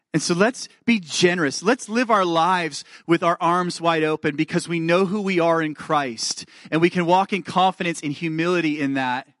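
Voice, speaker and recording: Earnest pastor, bright-pitched man. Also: no room sound, studio quality. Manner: earnest, checks in with the congregation; reads scripture aloud with rising fervor. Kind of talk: sermon.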